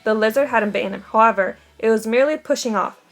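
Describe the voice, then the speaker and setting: An audiobook reader, a woman with a fairly high voice, reads a novel aloud quickly, telling the story steadily and lending light character voices to the quoted dialogue. Faint music plays behind her.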